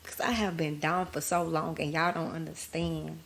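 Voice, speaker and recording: A woman's voice: low-pitched, flat delivery, moderate pace, vocal fry, a bit bright, slight background noise. A woman hosting her own podcast, telling her story candidly in casual chat to her listeners. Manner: candid, conversational, addresses listeners as y'all. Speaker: podcast host.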